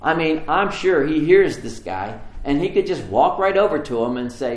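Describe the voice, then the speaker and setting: A man's voice: medium pitch, very animated, a little slow. A man preaching a sermon, telling the story with animation and acting out the voices in it. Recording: echoey room with faint ambience.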